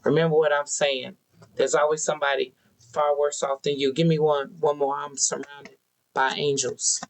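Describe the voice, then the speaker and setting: Speaking straight to an audience she can't see, this tarot reader delivers a spiritual card reading that is earnest, preachy and heavily repetitive. The voice sits mid-range with little pitch movement and a moderate pace, and the audio quality is poor.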